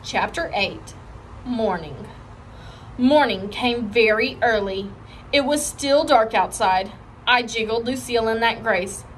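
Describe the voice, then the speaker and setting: A woman reading a children's chapter book aloud with expressive storytelling. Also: a little high, slow, slight background noise, low-quality recording. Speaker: reader.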